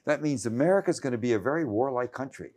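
A man's voice: medium pitch, animated, fast talker, darkish tone. A man in his late seventies, a journalist interviewed in conversation, who talks in a rambling, cranky way with many restarts and stammers. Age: 70s. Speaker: journalist guest.

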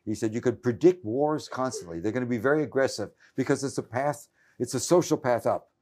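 This is a man in his seventies, a journalist being interviewed, whose mid-range, darkish voice moves fairly quickly with lively intonation. His talk is rambling and cranky, full of restarts and stammers.

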